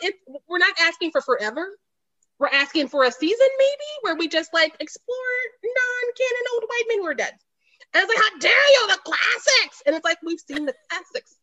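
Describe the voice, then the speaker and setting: A woman's voice: very high-pitched, bright, forceful tone. A woman from Kansas City, Missouri, chatting casually about a film on a podcast, laughing often and acting out the voices she quotes. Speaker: podcast panelist.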